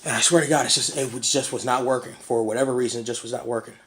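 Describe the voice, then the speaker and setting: A man in his thirties with a hoarse voice, rambling through a casual self-deprecating vlog monologue and often clearing his throat. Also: mid-range voice, fairly even intonation, very fast, fairly bright tone, a little hiss or hum. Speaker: vlogger.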